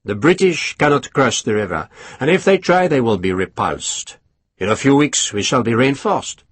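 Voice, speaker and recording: A male narrator voicing a genial, gentle-mannered French marshal in an audiobook. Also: medium pitch, lively intonation, normal speed, husky, dry recording.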